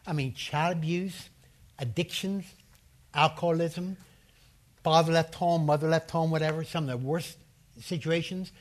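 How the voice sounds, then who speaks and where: A man preaching a sermon in a slightly raised voice. He hammers his points home by repeating phrases and has the congregation speak verses aloud with him. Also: a little high. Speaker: preacher and seminary professor.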